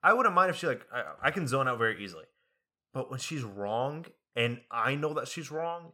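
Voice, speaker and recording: Bright-voiced young man ranting. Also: medium pitch, brisk. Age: young adult. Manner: animated storytelling with exasperated quoted asides. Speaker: college student. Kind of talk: casual chat.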